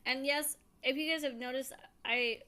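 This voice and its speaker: A woman's voice: sits high, steady tone, moderate pace, bright, forceful tone, slight background noise. A young woman chatting casually on a couple's vlog, giggly and bubbly. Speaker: vlogger.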